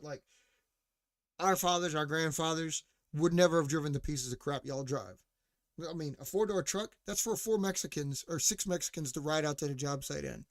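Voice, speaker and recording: A man's voice: on the high side, fairly bright tone, no room sound, clean studio sound. A man ranting casually as a podcast host, profane and mocking, full of fillers like "like" and asides to listeners. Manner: responds to chat or co-host mid-rant.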